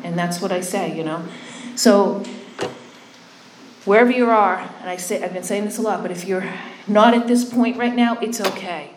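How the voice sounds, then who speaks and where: A woman gives a personal recovery testimony in a loose, conversational way. She is candid and pokes fun at herself, and keeps checking in with her listeners. Her voice sits at a middle pitch, with a roomy echo around it and faint noise in the background. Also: moderate pace. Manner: candid and self-deprecating. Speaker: speaker sharing a recovery story. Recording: echoey room.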